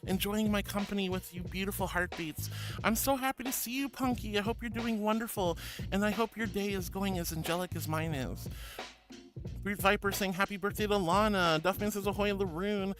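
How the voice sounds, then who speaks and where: A woman's voice: medium pitch, brisk, music in the background. A woman streamer chatting with her viewers, bubbly and gushing, calling them honey and sweetie. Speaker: VTuber streamer. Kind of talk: casual chat with viewers.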